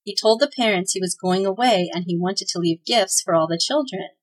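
A woman reads a children's storybook aloud as the host of a holiday podcast. Her telling is gentle and expressive, clear and even in pace. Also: medium pitch, a little fast, low-quality recording. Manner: gentle, expressive read-aloud with voiced characters.

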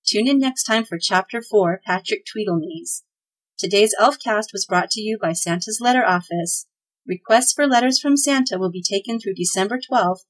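A woman hosting a children's podcast, reading a storybook chapter aloud in a gentle, expressive way. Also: mid-range voice, moderate pace, poor audio. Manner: gentle, expressive read-aloud with voiced characters.

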